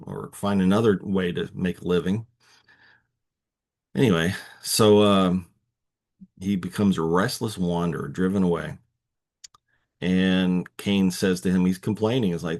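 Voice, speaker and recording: A man's voice: deep voice, a little slow, darkish tone. A man with a Texan accent hosting a casual Bible study, reading verses and musing on them in a conversational way. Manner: musing, conversational, many fillers and restarts.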